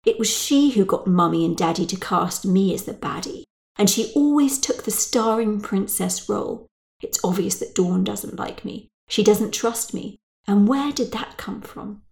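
A woman's voice: medium pitch, normal speed, vocal fry, a little mellow, close to an everyday voice. A woman voicing a self-pitying, snobbish middle-aged mother who grumbles in a plaintive voice. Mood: complaining.

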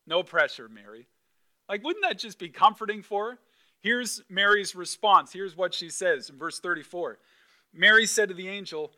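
A male pastor preaching a conversational sermon, animated and emphatic, with repeated phrases. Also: sits high, normal speed.

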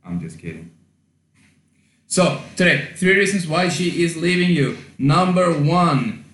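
A young Swedish man hosts a casual podcast with a Swedish accent, cracking crude jokes and rambling with many restarts. His voice is mid-range and fairly bright, recorded in an echoey room.

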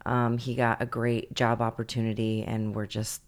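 A woman's voice: extremely low pitch, flat delivery, normal speed. A woman co-hosting a podcast, chatting casually with dry, wry humor. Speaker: podcast co-host. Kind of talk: casual chat.

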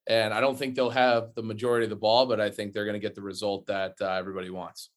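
An American man guesting on a casual football podcast, talking in a measured, earnest way with frequent restarts. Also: fairly low pitch, flat delivery. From United States.

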